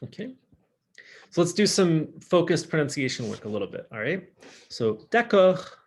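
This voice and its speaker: A man teaching a casual online French class, chatty and upbeat, slowing down to model pronunciation. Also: on the high side, lively intonation, slight background noise. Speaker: high school French teacher.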